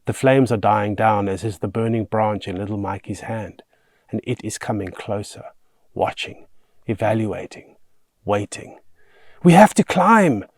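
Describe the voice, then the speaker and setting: A man reading his own novel aloud in a hushed, measured storytelling manner, outdoors. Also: lowish voice, fairly even intonation, dry recording. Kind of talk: audiobook narration. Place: outdoors on location.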